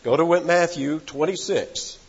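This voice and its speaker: A man's voice: on the high side, slightly rough, big-room sound, highs cut off. A man preaching an expository sermon, reading scripture aloud and dwelling on key words with dramatic emphasis. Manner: slow, dramatic emphasis with sudden swells.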